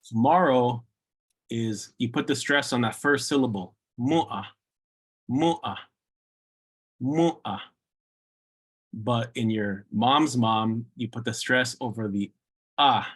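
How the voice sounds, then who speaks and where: A man teaching an online language class over a video call, patiently repeating words slowly for practice. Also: medium pitch, a bit bright, slightly rough.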